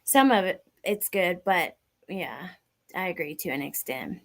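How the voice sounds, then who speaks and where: A woman's voice: fairly low pitch, lively intonation, measured pace, gravelly. A woman hosting a livestream, reacting to an interview clip and reading out viewers' chat comments as she muses aloud. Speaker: livestream host.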